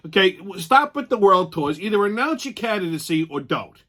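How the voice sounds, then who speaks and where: Male host, high voice with a sharp edge, ranting sarcastically and swearing freely. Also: sing-song, moderate pace. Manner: heated, sarcastic, heavy swearing. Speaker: show host. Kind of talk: profane political rant.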